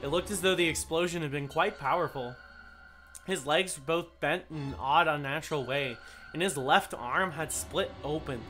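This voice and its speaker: A woman streamer reading the narration of a visual novel game at a steady, deliberate pace. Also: deep voice.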